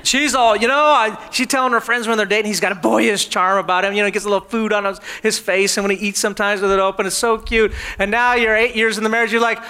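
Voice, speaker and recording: Bright high-voiced male pastor, playful. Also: fairly even intonation, fast, few pauses, clean tone. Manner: humorous storytelling, acts out everyday scenes. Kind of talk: sermon.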